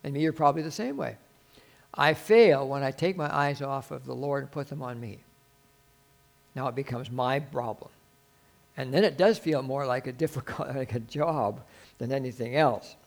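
A man's voice: mid-range voice, normal speed, creaky. An older man preaching a sermon earnestly, rising to emphatic peaks and acting out dialogue with God.

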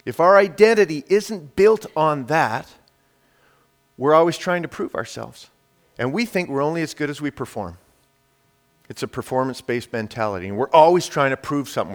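Emphatic male preacher. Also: medium pitch. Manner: emphatic, shifts between loud declarations and quiet hushed lines; addresses the congregation directly with rhetorical questions. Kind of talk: sermon.

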